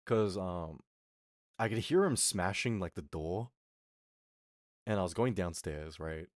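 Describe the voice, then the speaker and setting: A man's voice: low voice, animated, slow pace, no echo. A young man streaming as a vtuber, telling a story to his chat in a rambling, casual way with lots of fillers, on a close mic. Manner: rambling, fillers, reads chat and acts out quotes.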